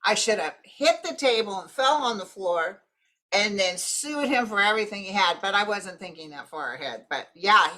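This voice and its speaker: Bright-voiced blunt woman. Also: medium pitch, animated, moderate pace. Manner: blunt, joking storyteller. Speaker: guest, nurse. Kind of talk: casual chat.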